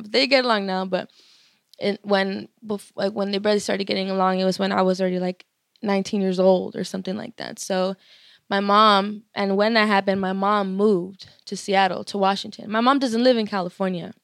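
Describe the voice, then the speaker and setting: A woman's voice: medium pitch, a bit bright, dry recording, studio quality. A young woman, a musician guest, telling stories in a casual, profane way full of filler words. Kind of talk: casual interview storytelling.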